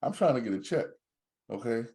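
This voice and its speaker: A man's voice: mid-range voice, brisk. A man co-hosting a podcast, in casual joking banter. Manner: joking, animated storyteller. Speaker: podcast co-host.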